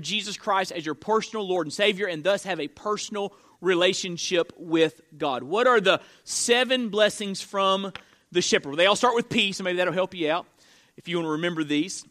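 High, bright-voiced man preaching. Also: normal speed. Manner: earnest preaching with repeated phrases and restarts. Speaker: pastor. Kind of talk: sermon.

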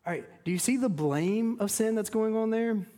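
A man in his thirties preaching a sermon to a congregation, earnest, dropping low and quiet on solemn points. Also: moderate pace. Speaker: pastor.

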